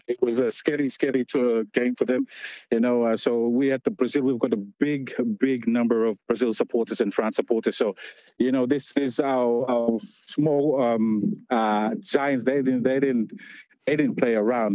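A man's voice: medium pitch, no room sound, poor audio. A man on a call into a morning show, telling stories with lots of laughter and restarts. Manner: laughing, energetic storytelling with many restarts. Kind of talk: casual chat on a phone line. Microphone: call-in line.

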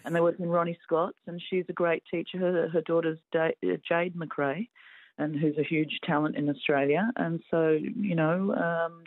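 A woman's voice: on the low side, no room sound. A woman on a phone call who talks in long, rambling runs. Her voice is thin and phone-like, very dry. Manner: rambling, enthusiastic name-dropping. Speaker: caller. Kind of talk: casual phone chat. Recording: tinny phone line.

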